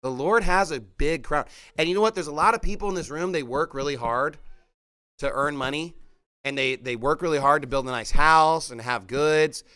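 A man preaching a sermon in a church, fervent, with short punchy rhetorical questions and shouts at points of emphasis. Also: a little high, normal speed, clear, resonant tone. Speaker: pastor. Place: church hall.

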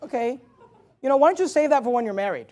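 A man's voice: very high-pitched, lively intonation, quick pace, darkish tone. A man, a pastor, preaching a sermon with emphatic repetitions and joking asides.

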